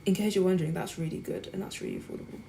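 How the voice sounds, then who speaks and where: Over loud background noise, a student vlogger in her twenties chats casually with viewers while cooking, speaking very fast in a lowish, gravelly voice.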